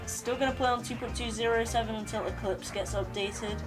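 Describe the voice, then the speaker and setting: A woman's voice: fairly high pitch, fairly even intonation, fairly quick. Young woman streamer, slangy chat. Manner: slangy, rambling, talks to chat. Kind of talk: casual live-stream chat while gaming. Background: game music.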